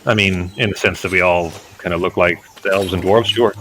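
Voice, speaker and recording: A man's voice: deep voice, steady tone, brisk, a bit bright, a little hiss or hum. A man running a tabletop game as game master, rambling with many fillers and restarts.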